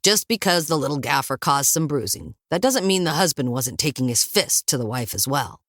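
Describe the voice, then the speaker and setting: A gruff older father with a dry, teasing wit, put on by a woman narrator. He speaks low and deadpan in an audiobook. The recording is dry and close. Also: normal speed, dry recording.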